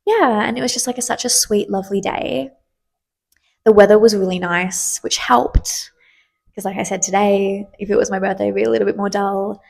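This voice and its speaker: A young woman in her twenties hosts a solo podcast in a loose, candid chat. Her voice has a gravelly, fry-edged texture at a mid pitch, and she rambles along with plenty of fillers and the odd swear word. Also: steady tone, normal speed, darkish tone. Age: 20s. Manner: chatty, candid, lots of fillers and casual swearing. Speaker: podcast host.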